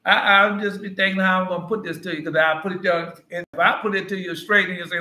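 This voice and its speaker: Guy preaching real casual, kinda high bright voice, keeps asking the room questions. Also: fairly even intonation, quick pace, hardly any pauses. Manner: loose, conversational, quizzes listeners. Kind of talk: informal Bible teaching. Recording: echoey room.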